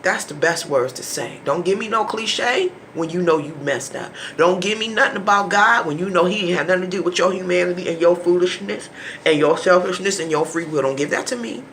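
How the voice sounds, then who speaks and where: A man speaks straight to camera in an impassioned, preachy monologue. His voice sits fairly high and carries a gravelly, bright edge. He often sinks to a hushed near-whisper and stumbles over repeated words when the feeling runs high. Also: a little fast, slight background noise. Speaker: vlogger.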